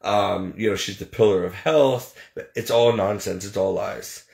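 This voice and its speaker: A man's voice: fairly low pitch, measured pace, vocal fry, darkish tone. A man talking straight to his viewers in a casual vlog, listing his troubles in a plain-spoken, exasperated way. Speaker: vlogger. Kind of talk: casual personal venting to camera.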